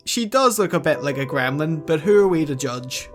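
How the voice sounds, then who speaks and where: A commentary vlogger talks through a scripted voice-over, slipping in dry, sarcastic jokes. The voice sits at an ordinary middle pitch, and background music plays steadily behind the narration. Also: animated, normal speed. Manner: sarcastic, joking asides.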